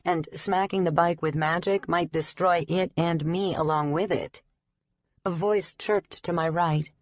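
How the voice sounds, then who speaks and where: A woman reading a first-person audiobook in a steady, even storytelling delivery. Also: low voice, dry recording. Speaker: audiobook narrator. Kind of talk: scripted first-person narration. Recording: dry, slightly dull recording.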